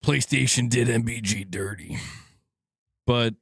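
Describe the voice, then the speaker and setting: A man's voice: mid-range voice, a little slow, vocal fry, a bit bright, husky, no echo, clean studio sound. A man streaming casually, joking around, swearing freely and laughing at his own jokes. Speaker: gaming news streamer. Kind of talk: casual live-stream chat.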